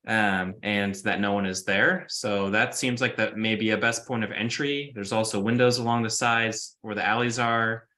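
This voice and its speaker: Bright-voiced man running a tabletop game. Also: fairly low pitch, steady tone, moderate pace, few pauses. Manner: casual, many fillers, describing scenes. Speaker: game master.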